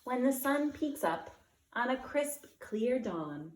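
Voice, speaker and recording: A woman teacher reading a picture book aloud, slow and expressive, with dramatic gasps. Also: a little high. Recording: echoey room.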